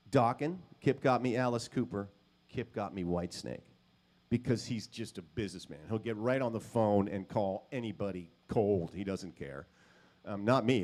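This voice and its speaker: A man's voice: lowish voice, a little mellow. A male guitarist and session musician telling casual, self-deprecating stories at a guitar clinic. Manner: casual, self-deprecating, many fillers and acted quotes. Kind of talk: anecdotal storytelling at a guitar clinic.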